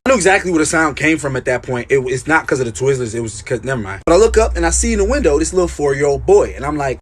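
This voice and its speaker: Husky young man narrating comic stories. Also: quick pace, few pauses. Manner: animated, jokey, swings pitch wildly. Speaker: storytime narrator. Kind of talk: comedic animated storytime narration.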